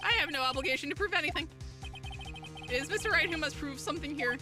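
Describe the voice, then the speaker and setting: A woman's voice: sits high, fast talker, music in the background, voice pushed down, natural voice. A woman voicing a stern, arrogant older male prosecutor, reading his lines in a cold, dismissive manner.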